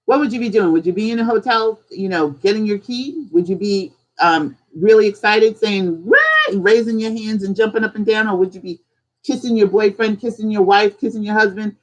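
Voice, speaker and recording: On a live stream, a host with a medium-pitched, brisk voice teaches casually, talking conversationally and firing off strings of rhetorical questions. He acts out small examples in different voices, and the streaming-setup recording is low quality.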